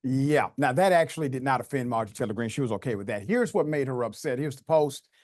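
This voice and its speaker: A man's voice: medium pitch, expressive, fast talker, very noisy. A man hosting a political commentary show, building up each point with dramatic, emphatic setups. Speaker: host.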